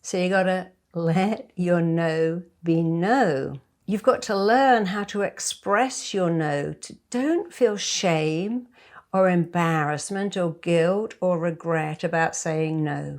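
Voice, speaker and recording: A middle-aged woman hypnotherapist giving a lively motivational talk to camera, acting out bits of dialogue as she goes. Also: lowish voice. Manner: lively, acts out quoted dialogue.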